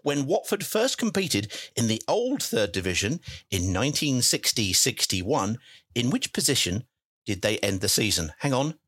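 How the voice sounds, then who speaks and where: A man's voice: medium pitch, a bit bright, slightly rough, no room sound. A man hosting a football quiz podcast, reading questions in a playful, sing-song commentary manner. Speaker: quiz host. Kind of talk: football quiz with penalty-shootout framing.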